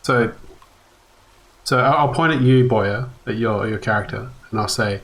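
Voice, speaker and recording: A tabletop game player who speaks calmly and reassuringly in character. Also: mid-range voice, normal speed. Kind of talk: tabletop role-play.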